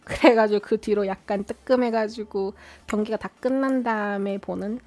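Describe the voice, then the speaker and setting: Faint music plays behind a woman running a watch party livestream, where she chats casually and responds aloud to viewers' questions. She talks very fast in a steady, mid-range, slightly mellow voice.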